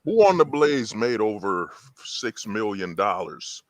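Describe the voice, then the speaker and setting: Animated laughing man on a stream. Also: fairly low pitch, measured pace, no echo. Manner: animated, laughing, doing mock voices. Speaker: stream host. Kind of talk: casual stream banter.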